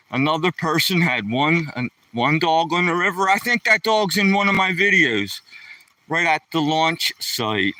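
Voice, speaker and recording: A Pennsylvania man livestreams casually while walking his dog outdoors by a lake, rambling in a folksy way and greeting viewers by name. His fairly high voice sounds pushed and bright, captured dry and from a distance.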